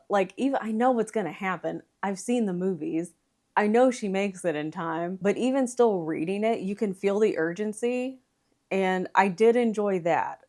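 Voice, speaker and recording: A woman's voice: medium pitch, a little mellow. A woman in her thirties giving a casual book review on her vlog, chatty and rambling, correcting herself as she goes and swearing lightly. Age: 30s. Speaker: book vlogger.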